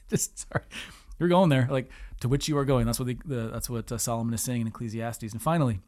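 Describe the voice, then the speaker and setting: Male co-host, thirties, mid-pitched, earnest scripture reader with an easy laugh. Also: darkish tone. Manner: reads verses slowly and earnestly, laughs easily. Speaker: podcast co-host. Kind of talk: casual chat with scripture reading.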